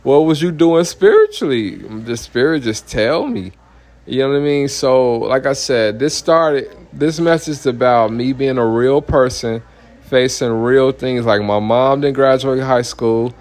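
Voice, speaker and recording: A man's voice: medium pitch, unhurried, a little mellow. A man, a minister giving a heated, blunt personal testimony full of profanity and repeated "you know what I mean".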